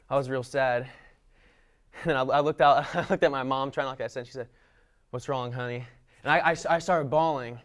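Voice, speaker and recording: Young man, mid-pitched, animated, self-deprecating. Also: moderate pace, pauses often. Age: young adult. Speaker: student panelist. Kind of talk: casual storytelling.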